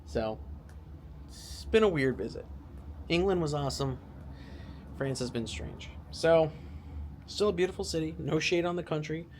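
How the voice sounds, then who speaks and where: A man's voice: fairly high pitch, normal speed, long pauses, a little mellow, slight background noise. A man talking casually to the camera from a hotel room, rambling and poking fun at himself, with lots of filler words. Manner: rambling, self-mocking, full of "like" fillers. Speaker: travel vlogger.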